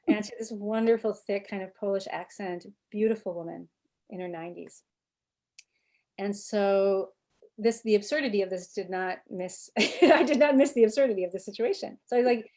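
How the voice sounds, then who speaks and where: A woman anthropologist telling a personal story on a video call, animated and often restarting her sentences. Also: medium pitch, moderate pace. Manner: animated, self-interrupting storyteller. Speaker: anthropologist and author, guest.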